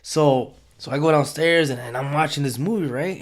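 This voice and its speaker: A man's voice: on the high side, animated, moderate pace, hardly any pauses. A young man telling a rambling, profane story in a casual way, slipping into Spanish phrases.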